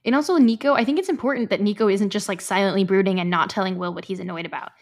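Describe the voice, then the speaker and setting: A woman hosting a book-club podcast, chatting excitedly and reading narration aloud. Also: medium pitch, rapid-fire. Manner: chatty, filler-heavy, excitable. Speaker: podcast host.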